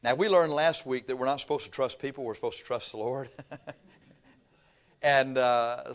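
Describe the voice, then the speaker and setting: A man's voice: medium pitch, steady tone, moderate pace, long pauses, clean tone. An older man from Texas, preaching a sermon through folksy, humorous stories. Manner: folksy storytelling with laughter.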